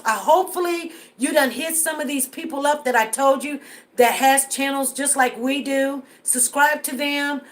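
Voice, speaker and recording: A woman with a high-pitched voice hosts a casual live stream. She talks earnestly to her viewers and often repeats lines to drive a point home. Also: fairly bright tone. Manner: earnest, repeats herself for emphasis.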